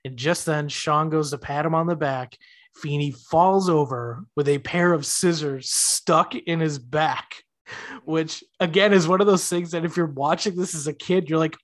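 A man's voice: fairly high pitch, measured pace. A man in his thirties co-hosting a podcast, chatting casually and acting out characters' lines as he retells scenes. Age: 30s. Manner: animated, acts out characters' lines while retelling. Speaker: podcast co-host. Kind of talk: casual chat recapping a TV episode.

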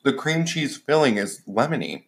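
A man's voice: mid-range voice, lively intonation, moderate pace. A man co-hosting a podcast in casual chat, giggling often and full of "like" fillers. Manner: giggly, chatty, lots of "like" fillers. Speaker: podcast co-host.

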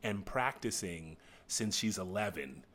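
A middle-aged man chatting as a guest actor, animated and rambling, with frequent restarts and laughs. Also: low-pitched, measured pace. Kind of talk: casual chat.

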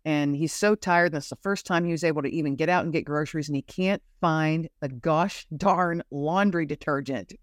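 A woman's voice: sits low, moderate pace, few pauses, no echo, studio quality. A woman guest telling personal faith stories in an earnest, searching way, often repeating herself as she looks for the right words. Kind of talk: faith-centered personal storytelling.

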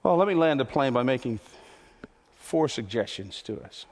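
A man preaching a sermon as pastor, impassioned and repetitive, his voice climbing toward near shouts. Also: medium pitch, lively intonation, normal speed, in a large hall.

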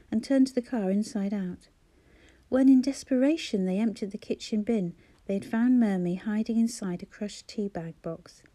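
A woman narrating an audiobook in a measured, expressive way. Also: mid-range voice. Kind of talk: scripted narration.

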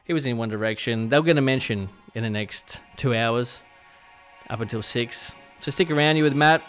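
A man's voice: mid-range voice, moderate pace, a bit bright. Aussie guy doing his radio show, talks easy and stumbles a bit, faint music underneath. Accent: Australian. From Australia. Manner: chatty, self-deprecating, stumbles over words. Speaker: radio host. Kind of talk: casual radio show hosting. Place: radio studio.

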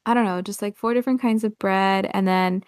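A woman's voice: mid-range voice, fairly even intonation, brisk, smooth, no echo, studio quality. A young American woman co-hosting a podcast, telling casual anecdotes and acting out quoted lines. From United States. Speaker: podcast co-host. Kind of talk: casual chat, storytelling.

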